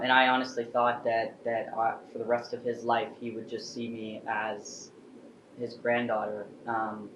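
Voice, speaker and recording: A man's voice: medium pitch, slight background noise. A young man telling a personal story in a casual, earnest and heartfelt way. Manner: earnest, heartfelt, acts out quotes. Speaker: vlogger. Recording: echoey room, dull lo-fi sound.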